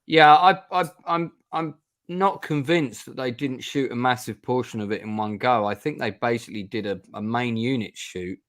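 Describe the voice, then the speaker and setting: A man's voice: mid-range voice, normal speed, a bit bright. A man hosting a casual film chat over a video call, talking in a chatty, wry way with dry sarcasm and many restarts. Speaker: host.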